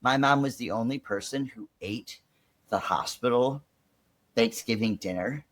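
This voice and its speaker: A man's voice: medium pitch, unhurried, no room sound. A young man from Chicago, a podcast guest telling his own story in a casual, chatty way full of "like". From Chicago, USA. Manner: chatty, peppered with "like", animated retelling.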